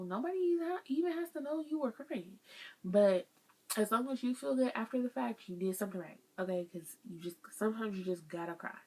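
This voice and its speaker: A young woman talks straight to her viewers in a casual advice vlog. She sounds earnest and chatty. Her pitch sits in an ordinary middle range. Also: dark tone, husky. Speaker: vlogger sharing life lessons.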